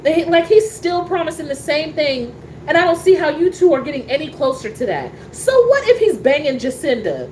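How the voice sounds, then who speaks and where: A woman's voice: high voice, a little fast, slight background noise, rough recording. Sassy, exasperated woman host. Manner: animated, exasperated, sassy with frequent fillers. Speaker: soap opera talk show host. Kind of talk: casual chat reacting to a soap opera.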